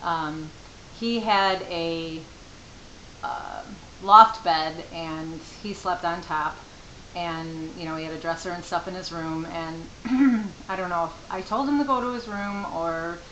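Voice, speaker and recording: Chatty middle-aged mother with a bright voice. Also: fairly low pitch, slow pace. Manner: rambling, chatty, with fillers and asides. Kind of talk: casual storytelling to camera. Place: home room. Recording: echoey room with faint hiss.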